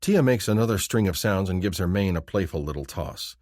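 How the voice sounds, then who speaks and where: A man reads a romance novel in the first person in a deep voice with lively, wide-ranging pitch. The reading is expressive and intimate, and the mic is dry and close. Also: brisk, no room sound. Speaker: audiobook narrator.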